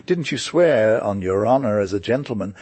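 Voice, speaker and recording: A man's voice: fairly low pitch, expressive, normal speed, a little mellow, breathy edge, no room sound. A man voicing a blustering greedy gambler. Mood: scheming. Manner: blustering, demanding. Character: scheming adult male gambler, rude and greedy.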